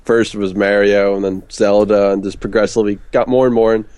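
A man's voice: fairly low pitch, level tone, fairly quick, a little mellow, smooth, no echo. A man with a Philadelphia accent, a podcast guest giving brief, matter-of-fact answers. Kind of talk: casual interview answers.

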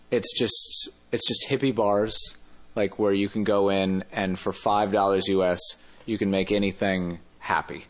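A man telling a travel story in a casual interview, rambling and often correcting himself mid-sentence. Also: low-pitched. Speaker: interview guest.

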